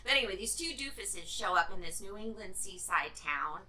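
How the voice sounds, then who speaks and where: A woman's voice: medium pitch, lively intonation, a little fast, pushed and bright, recorded from a distance, rough recording. A woman reviewing a movie in a casual vlog, sarcastic and irreverent, swearing freely.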